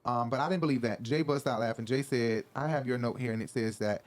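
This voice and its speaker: Man, casual recap host, chatty, profane, mid-pitched voice. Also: fast. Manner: chatty, profane, laughing asides.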